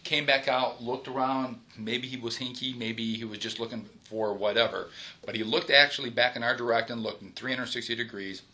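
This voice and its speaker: A man, a police supervisor, recounts a shooting in detail during a formal interview, in halting runs with restarts and a polite "yes, sir.". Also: medium pitch, little pitch movement, sharp tone. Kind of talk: recorded investigative interview.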